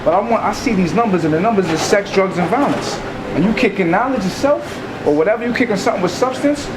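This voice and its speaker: A man's voice: sits high, animated, fast, noisy background. A man from Staten Island, giving an interview in casual talk and acting out scenes to make his point. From Staten Island, New York.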